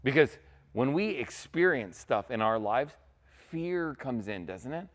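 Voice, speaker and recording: A man's voice: medium pitch, sing-song, a little slow. A man preaching a sermon as a pastor, in a casual, conversational way, often checking in with "right?".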